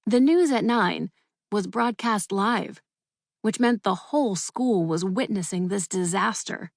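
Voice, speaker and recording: A woman narrates a children's audiobook with lively, expressive reading. Her voice sits at a middle pitch. The recording is dry and close. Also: measured pace, vocal fry, no echo. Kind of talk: scripted storybook narration.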